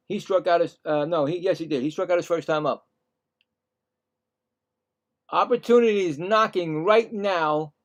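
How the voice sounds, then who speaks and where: A man doing live play-by-play commentary on a baseball game, chatty and excitable, getting louder on big plays. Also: fairly high pitch, dull audio. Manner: acts out players' thoughts in quick asides.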